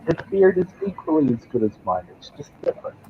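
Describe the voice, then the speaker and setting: A young man in his twenties trades joking, boastful banter in casual chat over a home mic. His audio comes through slightly dull, with steady noise clearly audible behind him. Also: on the high side, fast talker. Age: 20s. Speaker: regular chat participant. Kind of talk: casual chat on a video call.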